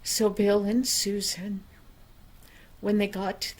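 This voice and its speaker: Slow, gentle grandmother storyteller. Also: medium pitch, level tone. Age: older. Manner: gentle, unhurried, soft on quiet passages. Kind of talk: reading a children's story aloud.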